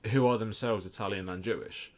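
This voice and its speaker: A man's voice: fairly low pitch, fairly quick. A young British man co-hosting a game playthrough, sweary and jokey, drifting into long rants. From United Kingdom. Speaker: let's play co-host. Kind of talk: casual gaming banter. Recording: faint background noise.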